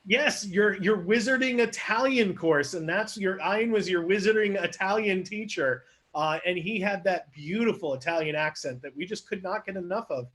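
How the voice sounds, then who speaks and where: A man hosting an online improv comedy show, narrating the scene in an animated storytelling manner. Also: sits high, moderate pace.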